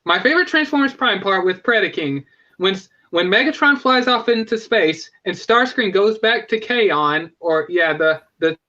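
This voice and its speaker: A man hosting a casual live stream, talking with rambling enthusiasm and frequent self-corrections. His voice sits high and bright. The sound is a little dull and lo-fi. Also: animated, moderate pace. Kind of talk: casual fan chat.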